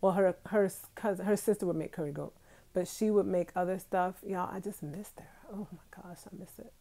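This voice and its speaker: Woman, thirties, chatty live-stream host with a low, dark, gravelly voice, talking straight to her viewers. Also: fairly even intonation, a little fast. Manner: chatty, talks straight to viewers, laughs often. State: itchy nose from allergies. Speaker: vlogger hosting a live stream. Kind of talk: casual live stream chat. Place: bedroom at home.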